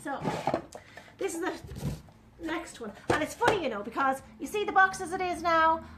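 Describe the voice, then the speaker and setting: A woman's voice: extremely high pitch, expressive, normal speed, noisy background. A woman, chatting through a live furniture painting demonstration and talking to viewers as she works. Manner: chatty, talks viewers through each step.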